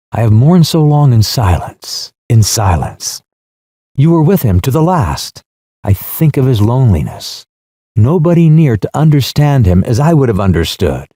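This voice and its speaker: A male narrator voicing a grieving young woman in mourning, speaking in a trembling, halting, fervent way. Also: medium pitch, big pitch swings, mellow, husky, no echo, clean studio sound.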